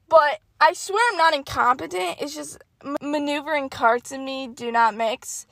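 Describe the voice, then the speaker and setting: A young woman hosting her own podcast, telling funny stories in a casual, animated, self-mocking way and swearing freely. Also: high-pitched, normal speed, creaky, hardly any pauses, no echo. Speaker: podcast host. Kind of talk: casual storytelling monologue.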